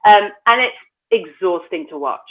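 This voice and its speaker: A woman's voice: lowish voice, expressive, normal speed. A woman co-hosting a casual reality TV podcast, candid and sweary, sharing strong opinions. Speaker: podcast co-host. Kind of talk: casual chat. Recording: tinny phone-like line.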